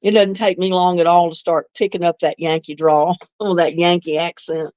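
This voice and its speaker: A woman's voice: lowish voice, flat delivery, moderate pace, no echo, lo-fi sound. An older woman from North Carolina with a Southern accent mixed with some Northern, chatting on a livestream, reminiscing and reading viewer comments with easy laughs. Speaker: livestream host.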